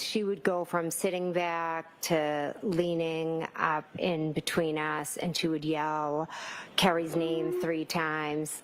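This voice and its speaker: A woman's voice: low voice, slight background noise, rough recording. A woman giving courtroom testimony as a witness, hesitant, with many fillers and restarts. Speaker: trial witness.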